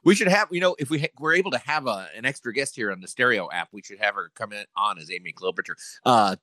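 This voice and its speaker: A man co-hosting a podcast, playful and quick to laugh. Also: lowish voice, lively intonation, sharp tone, dry recording, clean studio sound. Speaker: podcast co-host. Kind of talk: casual chat.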